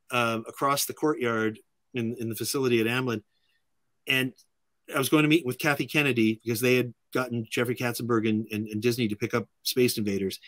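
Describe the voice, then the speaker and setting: A middle-aged man, a filmmaker guest, telling anecdotes in an animated way and acting out other people's lines. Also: medium pitch, no room sound. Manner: acts out other people's lines in lively voices.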